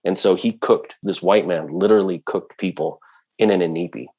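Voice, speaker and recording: A man's voice: sits low, normal speed, mellow, husky. A man speaking earnestly in a conversational way about culture, with frequent restarts. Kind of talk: casual talk.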